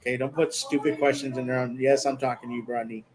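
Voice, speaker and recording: A man's voice: medium pitch, fairly even intonation, fast talker, background noise. A man co-hosting a casual sports podcast on a live stream, teasing and laughing often. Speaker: podcast co-host.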